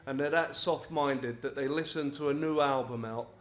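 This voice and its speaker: A man's voice: mid-range voice, moderate pace. A young man playing a game and chatting bluntly, swearing freely. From South London, England. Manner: blunt, swearing, matter-of-fact. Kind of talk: casual gaming chat. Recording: roomy room, loud game music.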